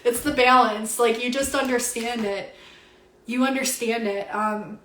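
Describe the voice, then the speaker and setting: A woman's voice: on the high side, fairly even intonation, a little slow, fairly bright tone, slight background noise. A young woman giving a spiritual card reading on a home livestream, emotional and near tears, gushing with awe and many fillers. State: teary, emotional. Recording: roomy echo.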